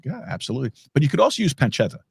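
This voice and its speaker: A man's voice: medium pitch, very animated, very fast, creaky, darkish tone, slightly rough, no room sound, studio quality. A man hosting a podcast, chatting casually and rambling with lots of restarts and fillers. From New York. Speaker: podcast host. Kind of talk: casual conversation.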